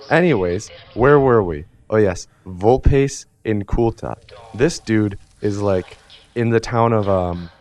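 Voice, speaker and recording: A low-voiced man rambles through a comedic story from memory, piling on fillers and casual swearing. His delivery is loose and offhand. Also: darkish tone. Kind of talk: rambling comedic recap of a video game from memory.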